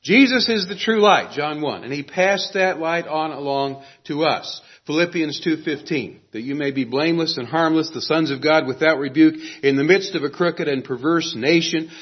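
A man preaching a sermon in an earnest, emphatic way, pausing dramatically on key words. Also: a little high, slightly rough. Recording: dull lo-fi recording.

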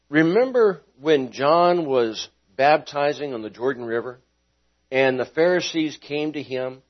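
Pastor, male, fairly high voice, dynamic sermon delivery with sudden loud and quiet turns, questions the room; dull lo-fi recording. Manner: dynamic preaching with sharp rises and drops in volume; asks the congregation questions. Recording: dull lo-fi sound.

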